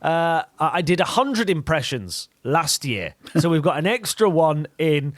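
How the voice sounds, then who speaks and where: Enthusiastic guy in his 30s, bit of a high voice, dry close mic, chatty guest on a radio show. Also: no echo. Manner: enthusiastic, chatty, laughs easily. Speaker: guest impressionist. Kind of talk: casual radio interview.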